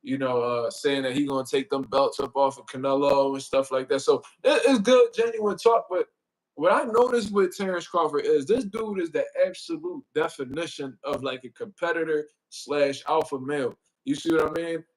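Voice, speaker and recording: A man's voice: on the high side, normal speed, rough recording. Slangy, profane man hosting a boxing stream. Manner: slangy, profane, rambling with fillers like "you know what I mean"; reads out and greets chat viewers. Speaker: boxing livestream host. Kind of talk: casual livestream commentary. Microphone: desk mic he moves closer.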